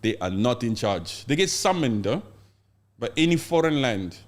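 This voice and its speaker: Guy hosting a podcast, lively and jokey, acts out little bits. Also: medium pitch, normal speed. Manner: animated, acts out mock scenes with playful voices. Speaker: podcast host. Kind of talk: casual podcast chat.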